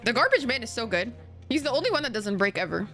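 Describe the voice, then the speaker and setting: A young woman streams a game. Her high voice swings widely as she swears and slips into Arabic phrases now and then. Faint game music sits behind her. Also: fast talker. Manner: expressive, swears often, mixes in Arabic phrases. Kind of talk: casual gameplay streaming.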